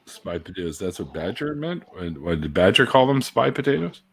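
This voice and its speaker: A man's voice: deep voice, sing-song, a little fast, vocal fry, a bit bright, slight background noise. A man hosting a casual livestream chat, laughing often and swearing freely. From Canada. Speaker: host.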